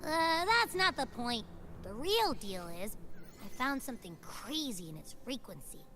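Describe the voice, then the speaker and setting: Boastful raspy glutton creature, bright and bouncy, game dub. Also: female voice, high voice, sing-song, a little slow, a little hiss or hum, heavily acted. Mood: eager. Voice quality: raspy smoker-like voice. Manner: boastful, chatty. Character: small cheeky gluttonous companion creature. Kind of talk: game voice acting. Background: music.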